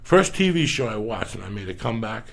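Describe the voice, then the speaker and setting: Gravelly, profane storytelling comedian. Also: male voice, lowish voice. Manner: profane, animated, rapid-fire. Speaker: comedian guest. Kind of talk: casual podcast storytelling.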